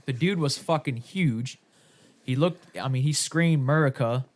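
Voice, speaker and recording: A man's voice: a little high, measured pace. Profane rambling male podcast host. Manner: rambling, profane, laughing often. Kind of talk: casual storytelling chat.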